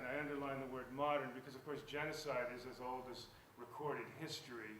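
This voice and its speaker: A man delivers an earnest public lecture from a lectern, his voice sitting at an ordinary middle pitch. The mic catches him from some distance, so the sound is roomy with a soft hiss underneath. He pushes his points with emphasis and often stumbles into repeated words before finding his sentence. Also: fairly quick, hardly any pauses. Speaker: guest lecturer and author. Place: lecture hall. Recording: echoey hall picked up from a distance.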